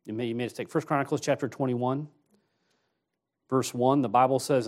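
A man's voice: mid-range voice, fairly even intonation, fairly quick, long pauses. Man preaching a conversational sermon. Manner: conversational storytelling, rising to emphatic exhortation. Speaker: associate pastor. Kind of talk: sermon with personal story. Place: church.

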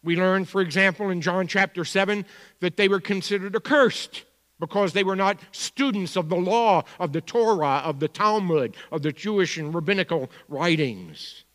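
A man's voice: high voice, moderate pace, long reverb tail. Emphatic preaching man with a Bronx accent. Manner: expository preaching, swinging from quiet to emphatic. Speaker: pastor. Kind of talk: sermon.

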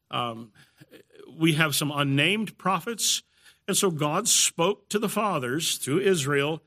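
A man giving a measured, explanatory Bible study lecture in the evening. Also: a little high, pushed and bright. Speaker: Bible teacher.

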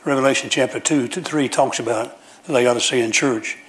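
Man preacher, homespun sermon delivery, repeats and restarts phrases, average pitch, church. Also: moderate pace. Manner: folksy storytelling with frequent restarts and repetition.

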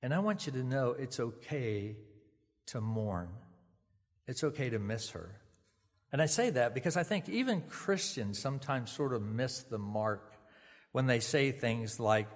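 A man giving a funeral sermon, speaking gently and conversationally with small restarts. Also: mid-range voice, animated, measured pace, in a large hall. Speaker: pastor. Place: funeral service venue.

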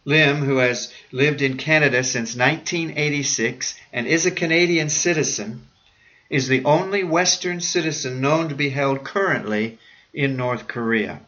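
Earnest, bright-voiced male radio preacher. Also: medium pitch, muffled recording. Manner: earnest, urging listeners with repeated questions. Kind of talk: devotional radio talk.

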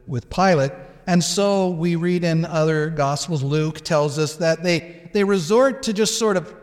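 A man's voice: a little high, in a large hall. A man teaching a lecture on a Bible passage, explaining it step by step and acting out the quoted exchanges.

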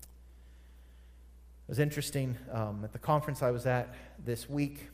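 A man's voice: medium pitch, a little slow, darkish tone. A man preaching a sermon, emphatic and repeating phrases for stress. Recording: long hall reverb.

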